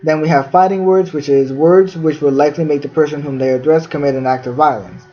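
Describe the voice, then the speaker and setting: A man hosts a podcast, reading definitions off a fact sheet and packing his speech with fillers. His voice sits on the high side with fairly even intonation, and he talks quickly. The recording sounds dull and lo-fi.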